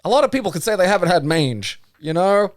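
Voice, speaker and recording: An Australian-accented man co-hosts a podcast, spinning animated stories in casual, rambling, sweary chat. His voice sits high and moves quickly, recorded with studio quality and no echo.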